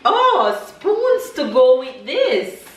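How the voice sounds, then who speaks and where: A woman vlogging as she unboxes a gift package with her child, speaking gently and sounding emotional, between teary and laughing. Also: high voice, sing-song, extremely slow, heavy reverb, recorded from a distance. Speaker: vlogger, mother. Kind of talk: casual family vlog, unboxing a package.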